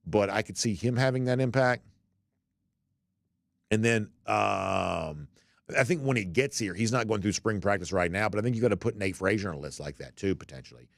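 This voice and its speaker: A man's voice: on the low side, normal speed, gravelly, no echo, studio quality. A man hosting a sports talk show, chatting loosely with many fillers and restarts as he reads out listener comments. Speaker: podcast host.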